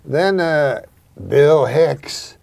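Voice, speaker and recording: A male host telling rambling, profane stories in a deadpan way during a casual comedy chat. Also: on the high side, very slow, creaky.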